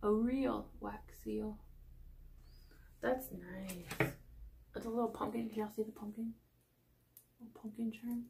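A woman vlogger chatting casually through an unboxing. She gushes about how cute everything is, apologizes often, and sometimes drops into a soft whisper. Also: mid-range voice, steady tone, measured pace, gravelly, pauses often, noisy background. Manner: gushing, calls everything cute; self-deprecating, apologizes often.

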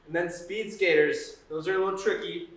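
A man's voice: high-pitched, steady tone, brisk, heavy background noise. A man coaching a workout on a live stream, explaining exercises and counting reps with upbeat encouragement. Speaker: fitness coach. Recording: echoey room, far from the mic, faint music.

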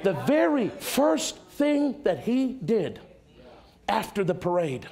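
Pastor, male, higher voice, very animated delivery; dramatic sermon with loud peaks and quiet drops. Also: slow pace, gravelly. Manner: dramatic preaching, swings from loud exclamations to hushed tones.

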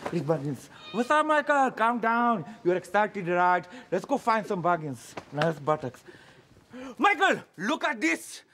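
An actor playing an eccentric male psychic in a comedy sketch, talking in broken English with excitable, crude patter. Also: sits high, measured pace, slight background noise, exaggerated voice. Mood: manic. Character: eccentric male spoon-bending psychic impression.

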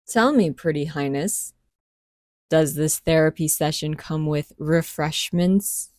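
A woman's voice: medium pitch, very animated, normal speed, warm tone, no echo, clean studio sound, natural voice. A woman voicing a mocking, predatory male wolf-soldier leader. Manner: sneering, mocking.

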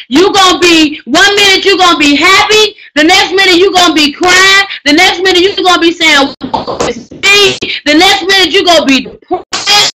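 Wanita bersuara tinggi dan terang, bersemangat, sering berteriak menekankan kata. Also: female voice, very high voice, a little hiss or hum, rough recording. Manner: emphatic, preachy, slangy, often shouting for emphasis. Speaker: writing coach teaching a book course. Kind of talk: energetic live class talk.

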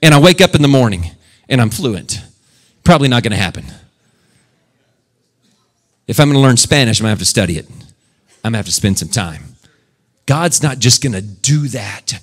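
A male pastor preaches expressively at a moderate pace, pausing often and swinging between loud, high shouted lines and hushed, quiet ones. At times he mock-prays in a put-on preacher's voice.

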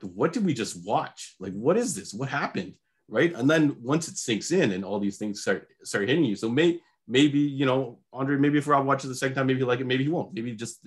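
A man co-hosting a podcast, chatting casually in a rambling, hesitant way. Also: mid-range voice. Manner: rambling, hesitant, lots of restarts. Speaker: podcast co-host. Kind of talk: casual chat.

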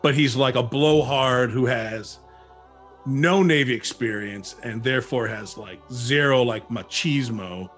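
A man, an actor who is a guest on an interview show, chatting casually and telling animated stories with many restarts. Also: mid-range voice, unhurried, faint music behind.

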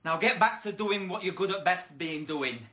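A man's voice: high voice, normal speed, bright, forceful tone. An actor playing a brash, boastful and crude young man in a comedy sketch, full of cheeky insults. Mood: chatty. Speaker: comic character.

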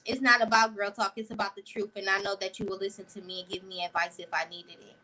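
A woman hosting a casual livestream, talking in an effusive, slangy and animated way while answering her viewers' comments. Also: mid-range voice, fast, slight background noise, low-quality recording. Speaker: livestream host. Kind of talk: casual live-stream chat with viewers.

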